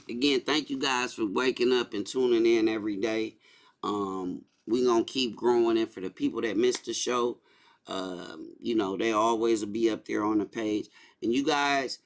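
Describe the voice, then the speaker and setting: A man's voice: on the low side, moderate pace. A man hosting a casual livestream, talking loosely and repeating his points. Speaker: livestream host.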